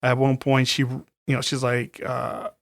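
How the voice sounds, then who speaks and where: A man's voice: medium pitch, a little slow, creaky, dry recording, clean studio sound. Profane, chatty podcast guy. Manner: profane, animated storytelling with acted-out quotes. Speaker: podcast co-host. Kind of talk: casual movie recap chat.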